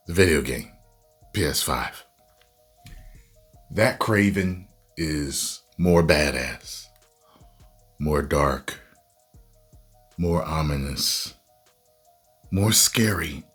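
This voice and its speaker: Low-pitched male movie reviewer, unhurried and swinging wildly in pitch, prone to loud exasperated bursts, faint music behind. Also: slightly rough. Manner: animated, with loud exasperated outbursts. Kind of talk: casual video review rant.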